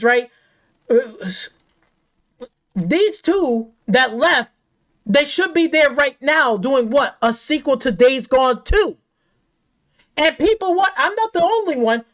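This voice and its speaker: A woman hosting a gaming channel, ranting off the cuff in a heated, profane way, repeating herself and firing rhetorical questions. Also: high-pitched. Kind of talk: angry off-the-cuff rant.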